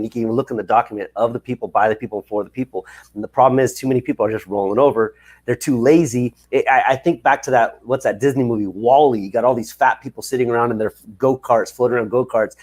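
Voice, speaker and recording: A man's voice: medium pitch, darkish tone. A man from the United States, a guest on a livestream, talking in an earnest, rambling, emphatic way over a video call. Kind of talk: livestream chat. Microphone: video call stream.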